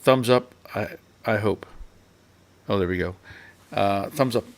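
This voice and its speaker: Rambling low-voiced man hosting a live stream. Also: unhurried. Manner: rambling, with fillers and restarts; reads out viewer chat comments. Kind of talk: casual live-stream chat.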